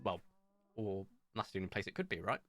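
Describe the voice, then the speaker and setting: A man's voice: sits low, a little fast, faint music behind. A young man chatting casually while streaming a video game, rambling through stories and comments as he plays. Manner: chatty, rambling, animated storytelling.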